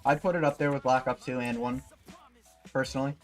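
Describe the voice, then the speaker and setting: A man's voice: mid-range voice, fairly even intonation, brisk, faint music behind. A man livestreaming while gaming, chatting casually and rambling, swearing freely and leaning on fillers.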